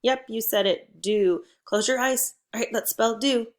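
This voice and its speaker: A woman teacher leading a phonics lesson for young children, slow and patient, with a call-and-response manner. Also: a little high.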